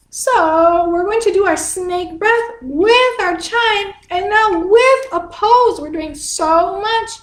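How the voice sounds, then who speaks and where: Her voice is very high and light as she leads small children through a class streamed live from her home. As a kids' dance teacher, she goes slowly, patiently and sing-song, explaining each step in simple terms, while the roomy sound echoes off the walls.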